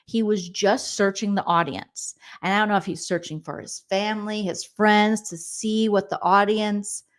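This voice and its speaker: A woman's voice: medium pitch, steady tone, normal speed. A young adult woman comedian recapping a reality show in a sarcastic, gossipy roast, talking straight to her viewers and mimicking the people she mocks. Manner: sarcastic, gossipy, mock-quotes people in put-on voices; chatty, addresses viewers directly.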